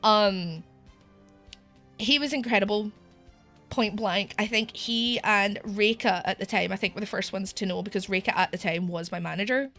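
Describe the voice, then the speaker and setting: A woman's voice: mid-range voice, moderate pace, a bit bright, faint music behind. A young British woman streaming live, with a sore throat, talking candidly and emotionally, near tears and laughing between sentences. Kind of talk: casual live-stream chat.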